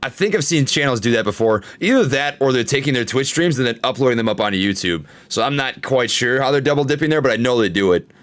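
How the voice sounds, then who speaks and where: A man's voice: mid-range voice, animated, fast, hardly any pauses, fairly bright tone. A man chatting casually on a podcast panel, easygoing and upbeat.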